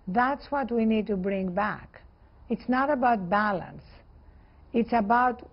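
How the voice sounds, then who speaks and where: Gravelly-voiced woman speaking earnestly. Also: fairly high pitch, lo-fi sound. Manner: earnest, emphatic, speaks in measured phrases. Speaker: interview guest. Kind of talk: conversational interview answers.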